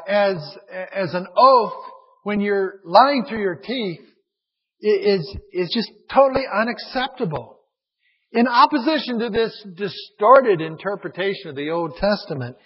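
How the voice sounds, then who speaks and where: Earnest high-voiced man preaching a sermon. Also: breathy edge, dull audio. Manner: earnest, emphatic, with slow stressed reading. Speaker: pastor. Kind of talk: sermon with scripture reading.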